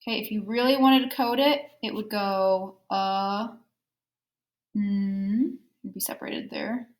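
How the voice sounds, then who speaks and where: A woman teaching a phonics lesson to young children, with a medium-pitched voice. She explains each step patiently and checks often that the class is following. She talks in an unhurried, friendly classroom way. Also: fairly even intonation, poor audio.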